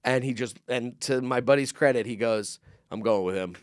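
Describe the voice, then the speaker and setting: A man co-hosting a comedy podcast, telling a story in a casual, animated way, swearing freely and acting out the people in it. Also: mid-range voice, moderate pace, smooth, dry recording, studio quality. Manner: animated, profane, acts out the people in his stories.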